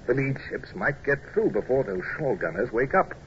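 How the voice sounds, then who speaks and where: A man playing a calm naval commodore in an old radio drama, speaking in a dry, measured, officerly way. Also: medium pitch, muffled recording, natural voice. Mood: wry. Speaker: commodore and first-person narrator. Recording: old radio recording with hiss.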